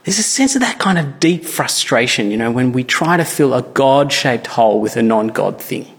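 Speaking at a moderate pace in a mid-range, animated voice, a man preaches as pastor in a church, earnest and conversational with many restarts. The recording carries the long reverb of a church hall.

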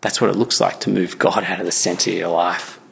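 Gravelly preacher in a reverberant church. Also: male voice, low-pitched, flat delivery, brisk, fairly bright tone, slight background noise. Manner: earnest, conversational preaching with frequent restarts. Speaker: pastor. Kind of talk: sermon. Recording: church hall with long reverb.

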